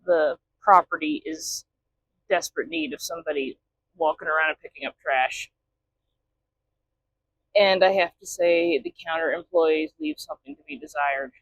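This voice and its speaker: A woman's voice: sits low, steady tone, normal speed, long pauses, a little hiss or hum, poor audio. A woman truck driver chatting casually in a vlog from inside her truck cab, often talking to her cat.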